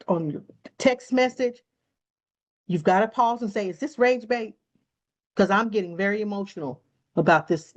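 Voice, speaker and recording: A woman gives a cybersecurity lesson in a relaxed, conversational way. She is animated, acts out short quoted exchanges and laughs often. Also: mid-range voice. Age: adult student. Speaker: cybersecurity instructor. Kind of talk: conversational teaching talk.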